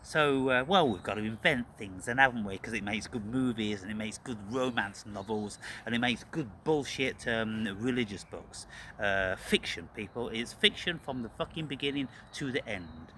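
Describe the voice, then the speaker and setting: Bright-voiced man on a profane rant. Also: medium pitch, normal speed, a little hiss or hum. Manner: profane, ranting, repetitive, addresses listeners as "people". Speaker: channel host. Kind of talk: angry spiritual vlog rant.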